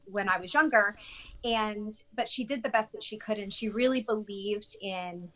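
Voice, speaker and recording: A woman in her forties, raised in Houston, chatting in a casual podcast interview and telling stories in an animated way. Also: mid-range voice, moderate pace. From Houston, Texas. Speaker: podcast guest.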